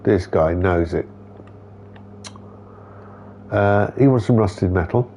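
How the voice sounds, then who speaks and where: A man's voice: low voice, takes it slowly, mellow, a little hiss or hum. A man streaming a game, chatting casually, talking to the characters and reading their dialogue aloud. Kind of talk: casual gameplay commentary.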